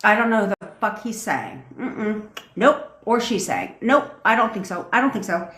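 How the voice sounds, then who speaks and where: A woman's voice: mid-range voice, very animated, normal speed, a bit bright. Brash, foul-mouthed woman coach ranting. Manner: blunt, profane, fired-up; reads and answers viewer comments. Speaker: manifestation coach. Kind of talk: livestream rant. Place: home desk. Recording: roomy, echoey room sound.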